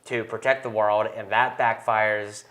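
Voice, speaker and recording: A man's voice: lowish voice, flat delivery, unhurried, a bit bright. A young man hosting a casual movie review chat, talking with enthusiasm. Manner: enthusiastic, chatty, quotes lines in put-on voices. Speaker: host.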